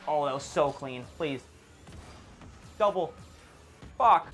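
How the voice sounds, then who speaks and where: Young male gamer, excitable and foul-mouthed; big pitch swings from mutter to shout, faint music underneath. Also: moderate pace. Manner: excitable, swears a lot, yells at misses. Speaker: gamer commentating his own play. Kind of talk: casual live gameplay commentary.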